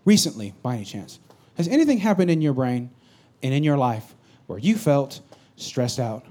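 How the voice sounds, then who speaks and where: A man preaching a sermon, going from loud comic storytelling to a hushed, serious tone. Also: mid-range voice, sing-song, moderate pace. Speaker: pastor.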